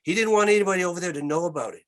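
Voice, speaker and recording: An older Canadian man, a musician guest, telling animated anecdotes in an interview with many restarts. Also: high voice, very fast. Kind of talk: storytelling interview.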